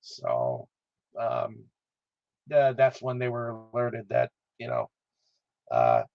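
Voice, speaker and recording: Slow hesitant guy chatting about a movie, uh uh uh everywhere, dry dull lo-fi sound. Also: mid-range voice, sing-song, dry recording. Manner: halting, with constant "uh" fillers. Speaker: podcast host. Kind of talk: casual film discussion.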